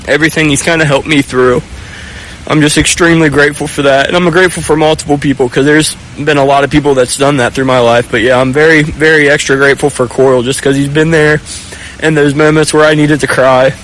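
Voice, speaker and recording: Earnest young college quarterback, halting speech. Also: male voice, fairly high pitch, steady tone, fairly bright tone, slight background noise, poor audio. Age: young adult. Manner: earnest, halting, searching for words. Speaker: college quarterback being interviewed. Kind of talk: postgame sideline interview.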